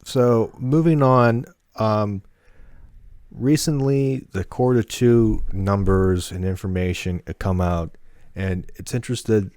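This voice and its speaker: A man's voice: fairly low pitch, takes it slowly, a little mellow, no room sound, studio quality. A man co-hosting a casual podcast, rambling through notes with many fillers and restarts. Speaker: podcast co-host.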